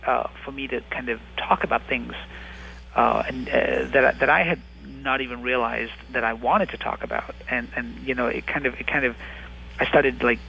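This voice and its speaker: A man's voice: medium pitch, fairly even intonation, moderate pace, gravelly, pushed and bright, a little hiss or hum, low-quality recording. A man in his thirties, an actor, talking reflectively in an interview and often restarting his sentences as he thinks. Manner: thoughtful, many restarts and hedging fillers. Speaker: actor and writer, interview guest.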